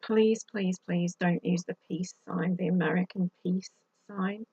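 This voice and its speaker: A woman's voice: on the low side, steady tone, unhurried, warm tone, husky, no echo, dull audio. A woman giving chatty advice to camera as a vlogger, with exasperated asides. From United Kingdom. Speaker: YouTube vlogger.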